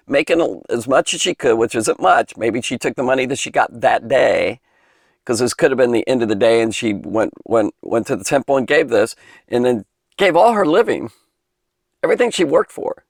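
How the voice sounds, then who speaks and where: A man's voice: medium pitch, dry recording. A man teaching a Bible lesson for kids in a chatty, enthusiastic way, wandering into asides and punching key lines. His voice sits mid-range and sounds close and dry, with little room sound. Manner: chatty, enthusiastic, digressive, emphatic.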